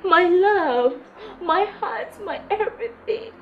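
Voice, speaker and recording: A woman's voice: very high voice, expressive, slow pace, narrow, tinny audio, a little hiss or hum, exaggerated voice. A woman playing a heartbroken young woman, betrayed by her friend, distraught and pleading.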